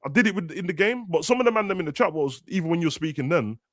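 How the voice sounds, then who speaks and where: A man's voice: on the high side, quick pace, fairly bright tone, no room sound. A young man, chatting casually and ranting animatedly as a football podcast host. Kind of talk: casual chat.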